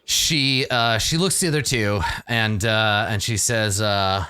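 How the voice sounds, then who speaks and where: A man's voice: on the low side, a little slow, hardly any pauses, sharp tone, clean tone, dry recording. A man narrating a tabletop game as game master, casual and full of restarts. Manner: casual, many fillers and restarts.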